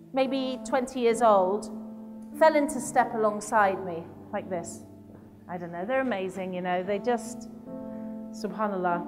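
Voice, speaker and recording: A woman's voice: mid-range voice, in a large hall. A woman giving a lecture and telling a personal story with vivid, emotional delivery and acted-out quotes. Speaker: public speaker.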